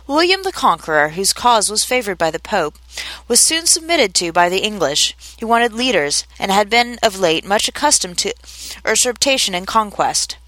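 A woman narrating a classic children's story in a measured, expressive reading. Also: medium pitch, no room sound.

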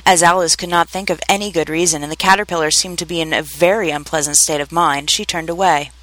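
A woman narrating a storybook chapter aloud in a measured, clear manner. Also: sits low, steady tone, fairly bright tone, no echo, low-quality recording. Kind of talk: storybook reading.

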